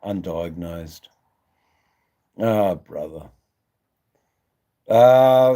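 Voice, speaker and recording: A man's voice: low-pitched, takes it slowly, dark tone. A man hosting his own live stream, rambling in a crude, jokey way with lots of ums and laughs. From Australia. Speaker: livestream host. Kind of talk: casual live-stream chat.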